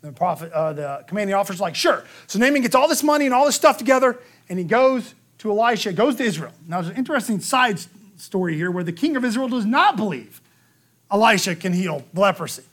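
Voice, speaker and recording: A man preaching a sermon, telling the story lively and acting out the quotes, with a frequent "okay?" to the room. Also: high voice, fast talker. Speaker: pastor.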